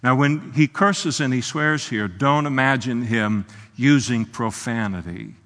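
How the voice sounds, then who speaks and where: A man preaching an expository sermon as pastor, impassioned, swinging from soft, low asides to loud, emphatic outbursts. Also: unhurried. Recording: long hall reverb.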